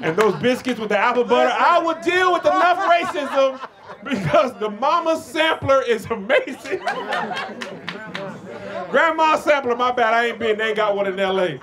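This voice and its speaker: Man doing stand-up, very high voice, lively bouncing delivery, excitable. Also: normal speed, crowd noise. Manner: animated, excitable storytelling. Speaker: stand-up comedian. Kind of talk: stand-up comedy set.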